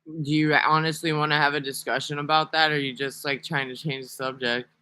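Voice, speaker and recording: Bright-voiced rambling man vlogging. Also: fairly high pitch, flat delivery, a little fast, smooth, dry recording. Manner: rambling, profane, sarcastic. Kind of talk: casual vlog monologue.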